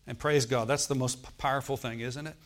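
A man's voice: medium pitch, fairly even intonation, fairly quick. A man preaching a sermon to his congregation, conversational, checking in with "amen" and lifting his voice for emphasis. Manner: chuckles and rises in volume for emphasis. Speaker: pastor. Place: church service.

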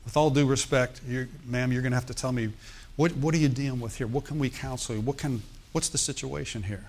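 A man pastor telling a story in a sermon, animated, with asides and quoted dialogue. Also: mid-range voice, brisk.

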